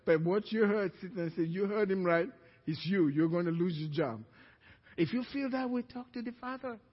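A man's voice: moderate pace, breathy edge. A middle-aged man from Africa, a pastor preaching a sermon and telling a personal story, acting out the voices of others in it. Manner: storytelling, acting out quoted voices with rising pitch. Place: church. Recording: dull reverberant church hall recording.

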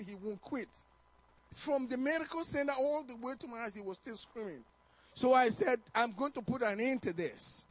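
A middle-aged man preaching a sermon, telling family stories in an animated way, chuckling and stammering now and then. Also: very high-pitched, poor audio. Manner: animated storytelling, chuckling, acting out quotes with stammers. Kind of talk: sermon on parenting told as a personal story.

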